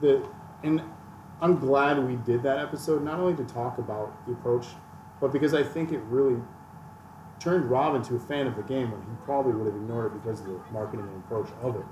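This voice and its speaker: A man's voice: medium pitch, a little fast, a little mellow. A man chatting casually on a gaming podcast, ranting and joking about himself. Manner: ranting, self-mocking. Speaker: podcast host. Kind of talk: casual chat. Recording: echoey room, distant mic, faint noise.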